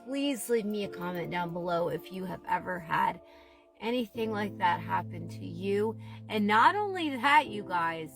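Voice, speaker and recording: A woman's voice: mid-range voice, expressive, unhurried, vocal fry, over music. A woman casually telling an emotional, rambling story to her viewers, often saying "you guys". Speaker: TikTok storyteller. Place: Southwest Florida.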